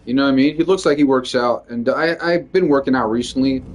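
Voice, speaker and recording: A man's voice: mid-range voice, fast, slight background noise. A male stand-up comedian venting in a casual, rambling monologue, swearing freely and leaning heavily on "like". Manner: rambling, profane, lots of "like".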